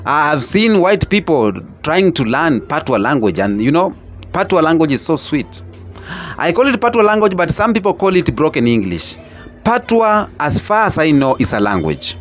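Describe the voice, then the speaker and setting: A man talks loosely to his viewers, circling back and repeating words as he goes. His pitch is somewhat high and swings up and down a lot. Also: big pitch swings, normal speed, soft background music. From Kenya. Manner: rambling, repeats himself. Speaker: YouTube host. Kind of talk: casual reaction commentary.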